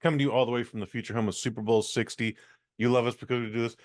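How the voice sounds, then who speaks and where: A man's voice: mid-range voice, rapid-fire. A man from San Francisco co-hosting a casual podcast, rambling bluntly and swearing. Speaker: podcast co-host.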